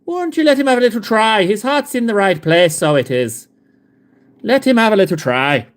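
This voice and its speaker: Streamer doing a mock-Irish guy, sing-song and lively, high-ish, cheeky and scolding, broad put-on Irish accent. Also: normal speed. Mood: coaxing.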